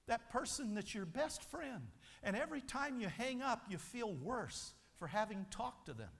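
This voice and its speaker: A male motivational speaker with a very high, fairly bright voice tells a story to a convention audience like a preacher, emphatic and very animated. He talks at normal speed, and the large hall lends a long reverb.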